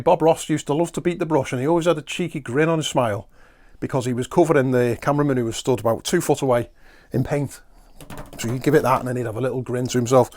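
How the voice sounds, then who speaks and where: A man hosting a podcast, rambling through a chatty, self-mocking solo comic monologue. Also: medium pitch. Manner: talks while eating at times. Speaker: podcast host.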